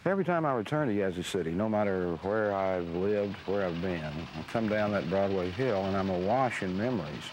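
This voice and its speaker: A man's voice: low voice, expressive, darkish tone, slight background noise. Musing middle-aged man. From Mississippi, US. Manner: slow, musing, with frequent uh and restarts. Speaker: author interviewed. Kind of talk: reflective storytelling interview.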